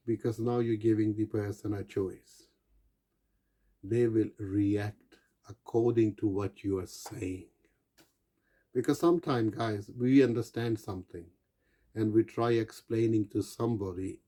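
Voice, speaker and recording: A man's voice: fairly low pitch, fairly even intonation, a little slow, long pauses, mellow. A man giving an earnest motivational talk, coaching his listeners and calling them guys. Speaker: self-help speaker.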